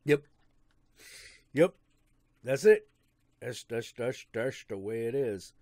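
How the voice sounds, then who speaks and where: A man's voice: mid-range voice, expressive, slow pace, darkish tone, no echo, clean studio sound. A man hosting a livestream in a laid-back casual chat, reading out chat messages and swearing casually. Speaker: stream host.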